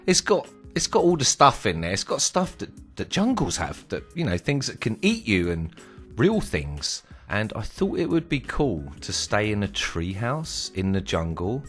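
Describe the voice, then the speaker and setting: A man's voice: fairly low pitch, moderate pace, soft background music. A man telling a casual, slangy story from his travels on his vlog. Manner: animated, slangy, swearing storyteller.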